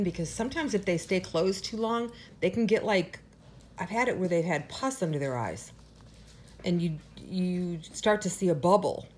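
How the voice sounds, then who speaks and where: Woman, dog breeder, casual home vlog, earnest, slightly low voice, faint hiss. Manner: earnest and emotional, talks to the puppies in a high sing-song. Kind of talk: casual update to camera.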